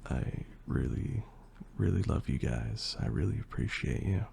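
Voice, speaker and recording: A young man with a hoarse, partly lost voice, chatting casually and rambling through a Q&A as an ASMR creator. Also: rumbling low, measured pace, a little hiss or hum. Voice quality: gravelly and husky. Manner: relaxed, rambling, with fillers and swearing. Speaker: ASMR creator answering questions. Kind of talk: casual Q&A chat.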